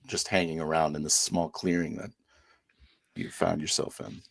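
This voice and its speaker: A man's voice: rumbling low, flat delivery, normal speed, vocal fry, no room sound. A man narrating as game master, describing scenes vividly.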